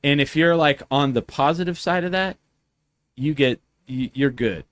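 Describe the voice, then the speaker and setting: A man hosts a casual chat show and spins loose, profane stories. He keeps slipping into quick impressions of the people he is describing. The sound is dry and close, with no room around it. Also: on the high side, fairly bright tone, no room sound. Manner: rambling, profane, acts out quotes in voices. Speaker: podcast host.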